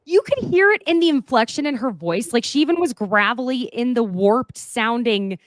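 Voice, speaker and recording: A woman's voice: on the high side, animated, normal speed, no room sound. Chatty woman, sarcastic and dry-sounding. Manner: chatty, laughs often, sarcastic asides. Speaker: podcast host. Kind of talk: casual chat recapping a reality show.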